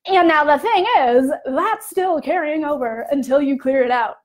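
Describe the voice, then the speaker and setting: A young adult woman life coach talking casually on a live video, chatty and animated, full of "like" and "you know". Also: sits high, normal speed.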